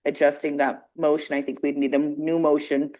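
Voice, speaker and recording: A man's voice: a little high, flat delivery, moderate pace, mellow. A man on a council politely and formally objecting to changing a motion. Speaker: council member. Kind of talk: meeting discussion.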